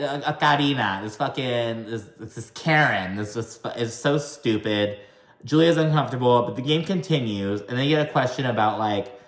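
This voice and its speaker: Gossipy man recapping reality TV. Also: reverberant. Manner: gossipy, swears, mimics cast members in high voices. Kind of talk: casual commentary recap.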